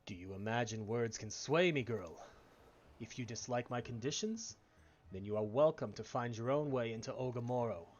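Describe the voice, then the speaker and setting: This is a blunt, gruff male guard captain who sounds unimpressed and measured, as a man reads him out. He speaks at mid pitch, and the recording is dull and lo-fi. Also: lightly acted. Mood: stern. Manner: stern, curt, measured. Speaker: streamer reading game dialogue.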